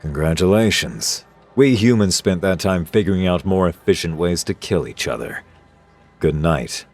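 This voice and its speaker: A man's voice: low voice, expressive, moderate pace, darkish tone, faint music behind. A man voicing a veteran drill instructor who talks in clipped, dry, unimpressed lines. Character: gruff veteran male drill instructor, unflappable.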